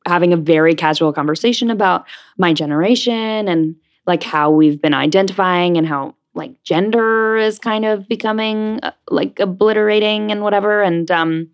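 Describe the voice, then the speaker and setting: A woman's voice: on the low side, normal speed. A young woman being interviewed, chatting casually with lots of fillers. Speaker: interview guest, stage actress.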